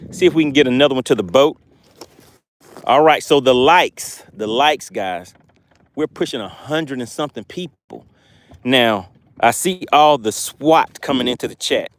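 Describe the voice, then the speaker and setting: A man's voice: mid-range voice, animated, moderate pace, no echo. A man on a lake boat hosting a casual fishing livestream, chatting and reading viewer comments aloud. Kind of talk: casual live-stream commentary.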